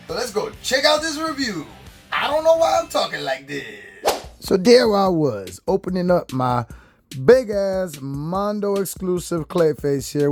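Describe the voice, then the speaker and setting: A man hosting a toy review in casual chat, excitable and jokey, swearing freely. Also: a little high. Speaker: host.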